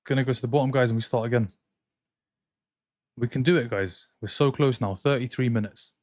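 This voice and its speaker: A young man hosts a casual football watchalong stream from his home in France, chatty and full of opinions as he reads and responds to chat. His voice is medium-pitched and a little mellow, fairly quick, recorded dry on a close mic.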